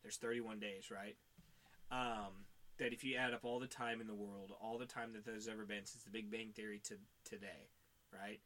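A man's voice: on the low side, flat delivery, normal speed, pushed and bright. A man co-hosting a podcast, rambling in casual chat with lots of fillers and swearing. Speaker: podcast co-host.

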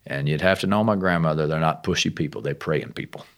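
A man, a missionary guest, telling his testimony in a folksy, rough-spoken and animated way. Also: very deep voice, fast. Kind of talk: casual testimony storytelling.

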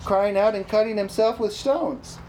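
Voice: mid-range voice, normal speed, darkish tone, a little hiss or hum. A preacher delivering an emphatic sermon, repeating phrases for emphasis and calling out "amen?" to the congregation. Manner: emphatic, calls for "amen?" responses.

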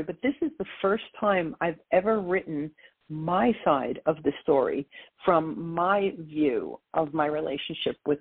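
A woman guest telling a lively story about her life in an interview, acting out the voices of others as she goes. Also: fairly low pitch, slightly rough. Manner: animated storyteller, quotes voices. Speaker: author and guest. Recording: tinny phone line.

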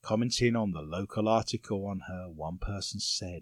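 A man's voice: low voice, normal speed, hardly any pauses, no room sound. A man hosting a comedy podcast, reading odd news stories with dry jokey asides. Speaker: podcast host.

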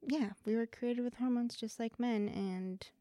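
A woman's voice: a little high, fairly even intonation, measured pace, warm tone, no echo, studio quality. A young woman co-hosting a casual faith discussion, talking in an earnest, chatty way with plenty of casual fillers. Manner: earnest, chatty, lots of "like" and "you know". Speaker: co-host.

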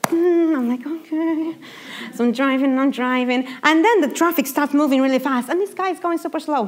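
Young female preacher, expressive storyteller, voice sits a bit high, sermon delivery. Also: brisk. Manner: lively, animated storytelling.

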